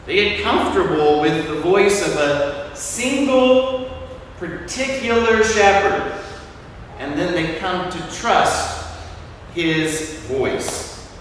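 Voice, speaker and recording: A man preaching a sermon as a priest, telling a story in a relaxed, conversational way with frequent fillers. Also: high voice, slow, a little hiss or hum. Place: large church. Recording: echoey church hall, from far off.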